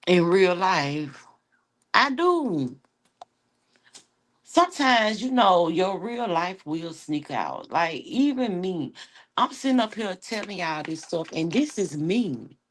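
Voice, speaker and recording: A woman from Atlanta with a Southern accent, chatting sassily with her livestream viewers and telling animated stories full of slang. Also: on the low side, slow pace. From Atlanta, Georgia. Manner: sassy, animated storytelling with slang. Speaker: livestream host. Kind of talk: casual chat with viewers.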